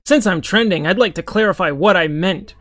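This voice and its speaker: A man's voice: high-pitched, fairly quick, a bit bright, dry recording. A young man giving a sarcastic, profane, exasperated running commentary as an online commentator. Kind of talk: ranting commentary.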